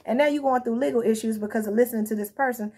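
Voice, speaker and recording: Tarot reader, woman, fairly high and a little husky, blunt and chatty, swears, talks straight to viewers. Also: rapid-fire, warm tone. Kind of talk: casual tarot reading to viewers.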